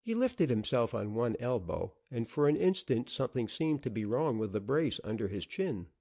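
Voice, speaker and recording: A man narrating an old-fashioned audiobook story in an expressive, dramatic way. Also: mid-range voice, moderate pace.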